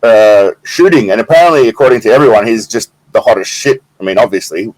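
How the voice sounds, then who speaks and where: A man's voice: fairly low pitch, quick pace, a little mellow, poor audio. A man chatting casually as a guest, laid-back and swearing freely. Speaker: co-host guest. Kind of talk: casual chat.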